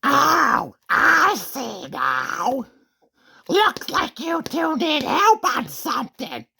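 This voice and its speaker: Very high squeaky helper, swoopy and drawn-out, bright, gravelly. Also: male voice, huge pitch swings, exaggerated voice. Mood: curious. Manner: singsong, drawn-out. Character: squeaky high-voiced male helper character. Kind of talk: comedy skit.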